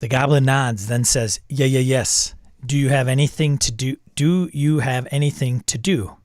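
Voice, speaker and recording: A man's voice: mid-range voice, normal speed, a little mellow, dry recording, studio quality. A man hosting, reading a text adventure aloud and reacting, wry and self-amused, chuckling at the game. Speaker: host.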